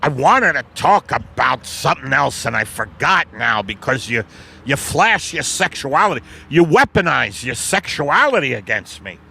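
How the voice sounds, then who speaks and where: A man's voice: mid-range voice, very animated, normal speed, gravelly, pushed and bright, slightly rough, full character voice. A man doing an exasperated grumbling husband. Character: grumbling middle-aged husband Al.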